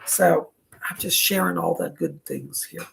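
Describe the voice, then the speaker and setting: A man hosting a psychic livestream, chatty and effusive, his voice raspy and strained from a cold. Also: a little high, wildly swooping pitch, measured pace, background noise. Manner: chatty, effusive, greets viewers by name. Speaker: psychic medium livestream host. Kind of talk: casual livestream chat. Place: indoors at a table.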